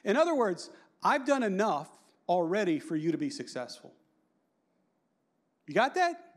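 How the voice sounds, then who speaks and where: A man in his fifties giving a lively, joking conference talk and quizzing the audience. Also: high-pitched, moderate pace. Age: 50s. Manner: animated and joking, asks the audience questions. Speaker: conference speaker.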